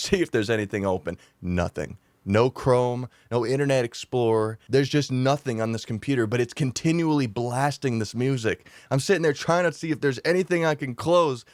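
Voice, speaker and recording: A young man telling a rambling, animated storytime vlog, laughing at himself and swearing freely. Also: medium pitch, moderate pace, no echo. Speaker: YouTuber.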